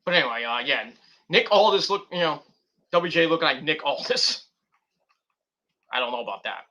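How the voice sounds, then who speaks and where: Fairly high-pitched, animated, and pushed and bright, a man speaks at a moderate pace as he reviews wrestling on his vlog. He rambles casually, cursing freely and going off on side topics.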